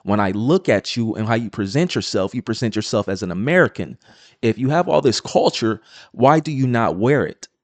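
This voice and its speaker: A man's voice: mid-range voice, animated, moderate pace, dry recording. A man giving combative, insistent reaction commentary on a clip.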